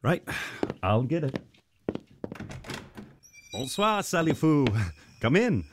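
A man's voice: a little high, big pitch swings, slow, noisy background. A man playing an earnest, protective missionary father in a family radio drama. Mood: welcoming. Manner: earnest, worried.

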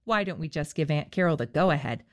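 A woman's voice: deep voice, lively intonation, brisk. A woman co-hosting a scripted children's story program, cheerful and playful. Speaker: co-host.

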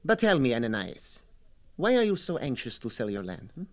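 An actor playing a shrewd, chuckling merchant who haggles over land in a radio drama. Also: male voice, mid-range voice, big pitch swings, brisk. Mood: probing. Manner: sly, chuckling, bargaining. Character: shrewd haggling male land buyer, middle-aged.

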